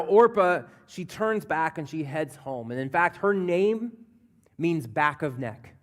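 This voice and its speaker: High-voiced man preaching earnestly. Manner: earnest preaching that drops to a hush and swells when voicing scripture. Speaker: pastor. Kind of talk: sermon. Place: church sanctuary.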